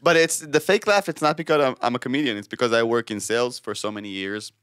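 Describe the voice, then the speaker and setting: A man, chatting loosely on a podcast with plenty of laughter. His voice is smooth and resonant, sitting in the middle range for a man. The studio sound is dry and close. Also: medium pitch, quick pace, a bit bright, no echo. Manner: jokey, laughs often, loose and rambling. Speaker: podcast co-host and comedian. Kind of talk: casual podcast chat. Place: recording studio.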